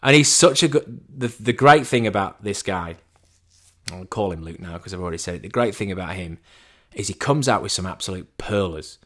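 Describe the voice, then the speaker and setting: A man telling a casual story as a monologue, animated and chatty, with a self-deprecating tone and frequent restarts. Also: sits low, a little fast. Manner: animated, acts out quoted dialogue in a raised voice.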